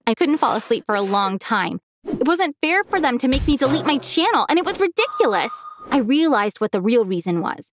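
A woman narrating a first-person animated story as a teenage girl, expressive and lively in delivery. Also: high-pitched, a little fast, noisy background. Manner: expressive, acts out a teenage girl's feelings.

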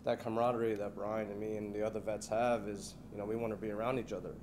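A man's voice: lowish voice, little pitch movement, quick pace, a little mellow, a little hiss or hum. Young man, loose and rambling. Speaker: veteran. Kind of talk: casual interview talk.

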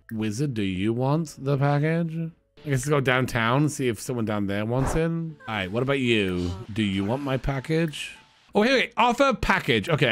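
Chatty man narrating his gameplay. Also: medium pitch. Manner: chatty, joking, thinks out loud. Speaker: let's play host. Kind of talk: casual gameplay commentary.

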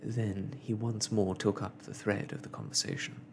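A man reading a classic story aloud in a soft, slow, hushed ASMR style. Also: fairly low pitch, very animated, creaky, a little hiss or hum.

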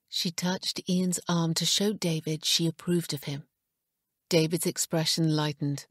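A woman narrating an audiobook in a hushed, measured way, recorded in a studio booth. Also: sits low, fairly even intonation, slightly rough, dry recording. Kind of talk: scripted narration.

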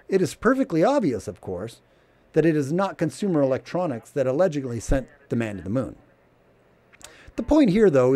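A man's voice: medium pitch, dark tone. A man reading a prepared commentary aloud in a sardonic, emphatic way. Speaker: channel host.

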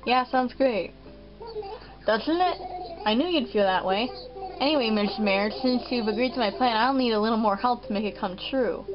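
A woman's voice: on the high side, moderate pace, highs cut off, over music, natural voice. A woman voicing an eccentric male salamander club promoter with a lisping, dopey drawl. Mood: pitchy salesman.

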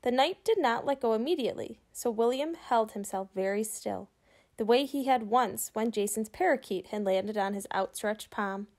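A woman reading a children's book aloud, pausing to ask her young listeners questions about the story. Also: fairly high pitch, darkish tone. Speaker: reader for children.

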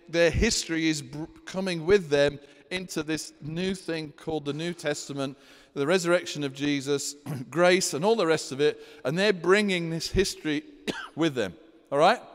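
Animated preacher man in a reverberant hall. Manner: animated preacher, acts out scripture scenes in a high panicky voice. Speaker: pastor. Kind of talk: sermon. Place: church hall.

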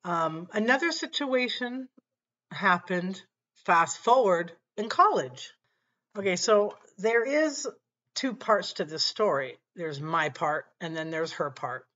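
A woman vlogger telling a personal story in a casual, unhurried way, often saying "you know" and "like". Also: lowish voice, lively intonation, a bit bright. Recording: dull lo-fi recording.

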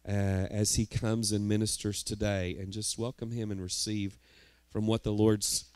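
A man's voice: fairly low pitch, little pitch movement, normal speed, a little mellow, slight background noise. A man, the church's pastor, introducing a guest speaker in a rambling way with many fillers. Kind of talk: church announcement. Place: church sanctuary.

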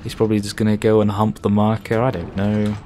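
A man doing excitable, jokey let's play commentary over a horror game, swearing often. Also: fairly low pitch, quick pace, background noise. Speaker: gaming commentator.

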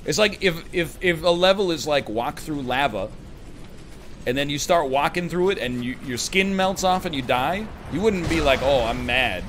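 Male streamer, sarcastic live commentary, lively voice, outbursts. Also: a little high, moderate pace, a little hiss or hum. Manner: sarcastic, animated, with sudden shouts. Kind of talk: casual live-stream commentary while gaming.

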